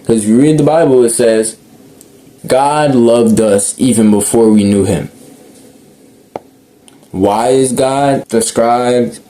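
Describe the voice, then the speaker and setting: A man's voice: medium pitch, slow pace, pauses often, mellow. A young man talking casually and earnestly outdoors, rambling and correcting himself as he goes. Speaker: speaker sharing reflections. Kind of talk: casual unscripted monologue.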